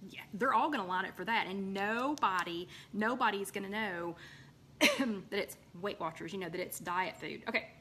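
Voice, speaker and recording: A woman's voice: mid-range voice, normal speed, pushed and bright, a little hiss or hum. A woman hosting a live recipe chat from her home, rambling casually with lots of ums and greeting viewers by name.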